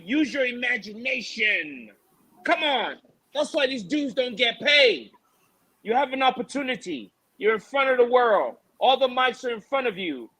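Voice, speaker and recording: A man's voice: very high voice, sharp tone, poor audio. A man co-hosting a casual podcast, ranting animatedly and mocking with laughs. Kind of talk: casual fight-talk podcast chat.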